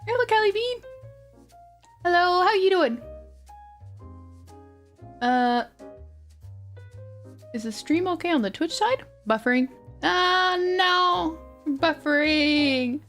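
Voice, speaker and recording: A woman's voice: very high voice, animated, slow pace, pauses often, a bit bright, faint music behind. A woman streamer chatting casually and playfully to her live chat.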